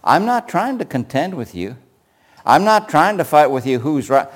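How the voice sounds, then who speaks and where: An older male preacher delivering a sermon with a slightly high voice. His pitch rises and falls in a lively way, and he swings between loud emphatic points and quiet asides. He keeps putting rhetorical questions to the congregation. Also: normal speed.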